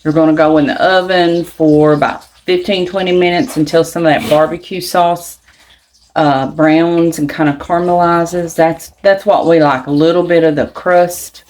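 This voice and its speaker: Low-voiced homey Kentucky woman cooking. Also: fairly even intonation, moderate pace, a little mellow, low-quality recording. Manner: chatty, homey, explains each step. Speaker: cooking channel host. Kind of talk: casual home cooking vlog.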